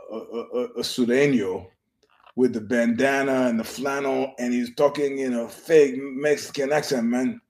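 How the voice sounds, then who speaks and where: A man's voice: medium pitch, a little mellow. A man hosting his own podcast, telling stories in a meandering, profane way and keeping his voice down. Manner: profane, meandering storyteller with frequent restarts; keeps his voice down so he won't disturb a filming nearby. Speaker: podcast host. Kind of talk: casual rambling monologue.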